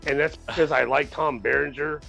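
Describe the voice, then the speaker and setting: A man co-hosting a casual podcast, goofy and excitable, joking around with his friends. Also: fairly high pitch, fairly quick, vocal fry, faint music behind. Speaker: podcast co-host. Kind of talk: casual chat.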